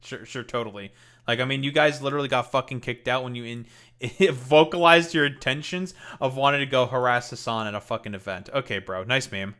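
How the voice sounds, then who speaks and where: A male streamer reacts to a clip, heckling it with profane, mocking commentary. His voice sounds forceful and bright, at an average pitch for a man. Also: brisk, smooth. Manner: mocking, heated, profane, with laughs. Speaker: streamer host.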